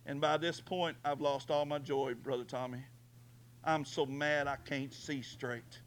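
A man preaching a sermon as pastor, swinging from quiet storytelling to shouted, tearful prayer. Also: mid-range voice, fairly even intonation, unhurried.

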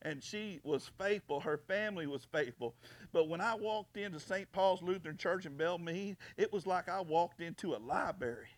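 A man's voice: high-pitched, moderate pace. A male pastor preaching a fiery sermon, repeating himself and stumbling over restarts.

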